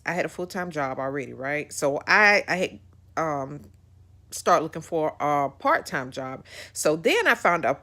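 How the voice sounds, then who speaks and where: A woman hosting a podcast, telling a personal story to her listeners in an animated way, repeating phrases for emphasis. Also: fairly low pitch. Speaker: podcast host.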